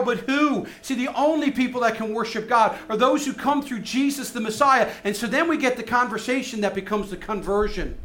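Man, pastor, sermon, high voice, soft-to-loud emphasis. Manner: swings from soft, hushed lines to loud, rising emphasis.

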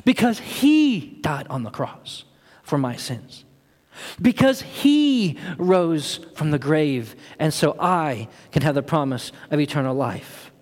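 A man delivers a sermon as pastor, speaking earnestly and swelling into fervent, emphatic passages. His voice sits somewhat high for a man. It echoes with the long reverb of a large church sanctuary. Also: animated, slow, darkish tone. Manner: earnest, building to impassioned emphasis.

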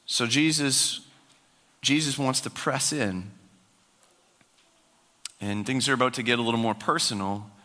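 Give me a man preaching a sermon as pastor, conversational and emphatic, with a bright, sharp tone and a long echoing hall behind him. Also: medium pitch, measured pace, long pauses.

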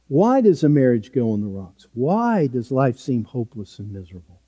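A man's voice: medium pitch, big pitch swings, moderate pace, few pauses, mellow, big-room sound, lo-fi sound. A man preaching a sermon as pastor, earnest and emphatic, driving points home with repeated short phrases.

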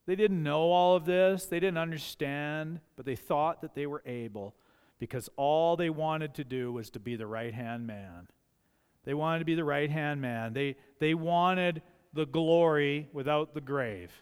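A man's voice: fairly high pitch, smooth. Older male pastor preaching in a reverberant hall. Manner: emphatic, repeats key phrases for effect. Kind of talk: sermon. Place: church sanctuary.

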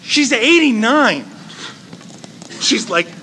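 A man of about forty preaching a chatty, joking sermon, telling a story with lively humor. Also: high voice, moderate pace, slight background noise. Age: 40s. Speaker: pastor. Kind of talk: conversational sermon.

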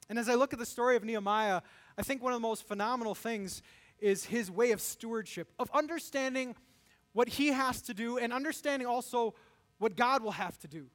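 A man preaching a sermon in a high, bright register. He talks in an animated way and briefly acts out the voices he quotes, then drops back into teaching. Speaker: pastor.

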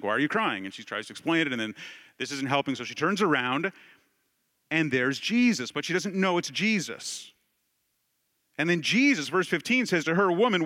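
Conversational preaching man, fairly high voice. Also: bright, forceful tone. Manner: conversational preaching, acts out voices, rhetorical questions. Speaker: pastor. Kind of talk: sermon.

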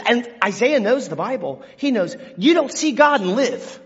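A man with a high voice preaches a sermon. He talks animatedly, acting out scripture quotes and moving between hushed tones and shouts. The sound is dull and carries a long hall reverb. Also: normal speed, hardly any pauses. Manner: animated, acts out biblical quotes with big swings from hushed to shouting. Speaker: pastor.

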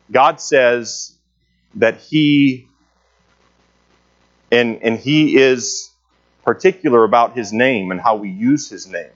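A man's voice: mid-range voice, slow, long pauses, highs cut off. A man teaching a church Bible class in a conversational way, with many filler sounds, asking the class questions. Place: church meeting room.

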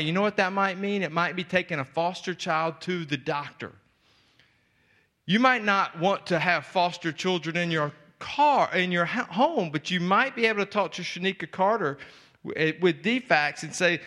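Impassioned high bright preaching man. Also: expressive, normal speed. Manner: impassioned preaching, repetitive emphatic phrasing. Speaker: speaker at church event. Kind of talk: sermon-style exhortation.

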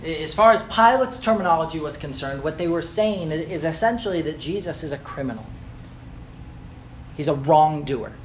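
A man preaching a sermon, earnest and explanatory, slowing down to stress key phrases and building emphasis. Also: fairly high pitch, expressive, slight background noise.

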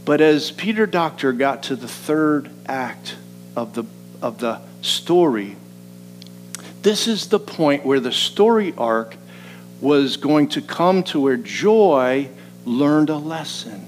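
A man preaching a sermon. He moves between quiet, slow reflection and rising, emphatic passages. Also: a little high, expressive, soft background music, poor audio. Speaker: pastor.

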